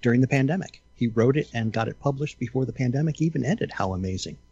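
An older man hosting a casual chat, dry and sarcastic, chuckling often, with a husky voice. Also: medium pitch, quick pace, dark tone, dull audio.

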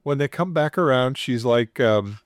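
A man's voice: medium pitch, moderate pace, no echo, studio quality. A man casually retelling a story on a podcast, playfully acting out the quoted voices with chuckles. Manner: animated retelling, acts out quoted dialogue with chuckles.

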